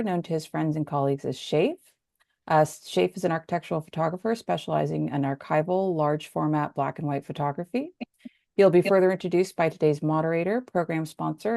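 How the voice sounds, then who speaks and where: A woman with a low voice and a gravelly, creaky edge opens an online webinar, reading her welcome and sponsor notes in a steady, scripted way. The sound is dry and close, like a computer mic on a video call. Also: no room sound. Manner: reads announcements, occasional fillers. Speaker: webinar programs manager.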